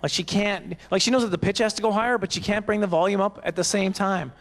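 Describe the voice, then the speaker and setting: A man in his forties doing animated, self-mocking stand-up comedy at a banquet, on a handheld microphone. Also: sits high, fast talker. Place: banquet hall stage.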